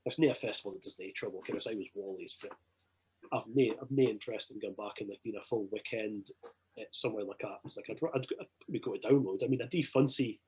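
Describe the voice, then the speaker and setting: A man with a Scottish accent, swearing freely as he tells animated anecdotes in a casual podcast chat. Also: on the low side, fast talker, slightly rough, rough recording.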